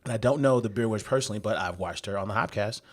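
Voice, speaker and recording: Low-voiced rambling male co-host. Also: very fast. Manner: rambling, lots of fillers and restarts, upbeat. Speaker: podcast co-host. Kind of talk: casual chat.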